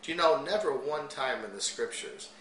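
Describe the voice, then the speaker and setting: Bright-toned preacher man in an echoey room. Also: mid-range voice, normal speed, slight background noise. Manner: reads King James verses, then breaks in with lively asides and chuckles. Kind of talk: sermon with scripture reading.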